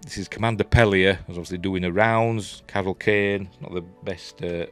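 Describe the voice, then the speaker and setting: A man's voice: low voice, steady tone, moderate pace, faint music behind. A man with a Yorkshire accent reviewing a TV episode in a casual, rambling way, full of fillers and restarts. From Yorkshire, England.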